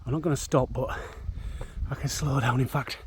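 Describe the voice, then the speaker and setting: A man's voice: medium pitch, steady tone, normal speed, slight background noise. A man, out of breath, chatting casually to camera while hiking and running across open moorland. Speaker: vlogger. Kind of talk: casual outdoor vlog narration. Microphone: handheld camera.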